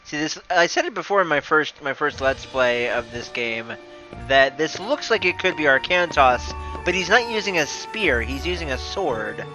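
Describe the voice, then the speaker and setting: A man chatting casually on a gaming live stream, excitable and prone to loud exclamations. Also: on the high side, normal speed, music in the background.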